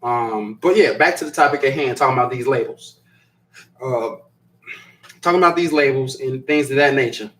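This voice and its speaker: A man's voice: medium pitch, moderate pace, a bit bright, low-quality recording. A man hosting a live stream, chatting casually as he reads viewer comments, rambling, repeating himself and laughing often. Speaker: host of a live stream show.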